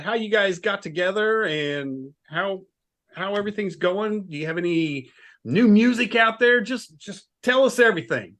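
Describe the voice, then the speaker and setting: A man hosting a live interview stream, greeting the guests and asking loose, halting questions. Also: high voice, fairly bright tone. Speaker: host.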